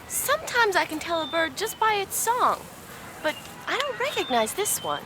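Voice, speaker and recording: A woman's voice: extremely high pitch, big pitch swings, noisy background. A woman hosting a children's nature show, eager and curious as she asks questions. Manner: bright, eager and curious, quick to laugh. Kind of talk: upbeat kids' TV presenting. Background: background music.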